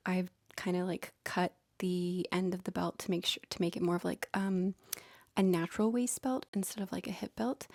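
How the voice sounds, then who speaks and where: Chatty woman with soft whispered asides. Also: fairly low pitch, flat delivery, measured pace, no echo, studio quality. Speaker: fashion vlogger. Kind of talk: casual collection walkthrough.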